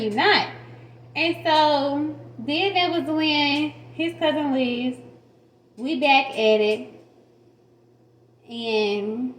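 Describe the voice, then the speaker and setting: Frank, foul-mouthed woman vlogger with a higher voice, telling a story in an echoey room. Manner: frank and profane, laughs often. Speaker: music artist telling a personal story. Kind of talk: casual storytelling to camera. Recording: roomy echo.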